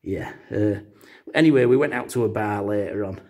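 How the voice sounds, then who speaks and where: Male vlogger, deadpan storyteller, lowish husky voice, lots of hesitations. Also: moderate pace. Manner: rambling, full of uh fillers. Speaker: comedy vlogger.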